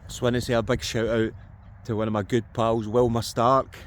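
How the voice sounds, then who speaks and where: Out metal detecting across open farm fields, a Scotsman chats and jokes with viewers in a casual vlog narration. His voice is medium-pitched with little pitch movement, and he speaks at a normal speed.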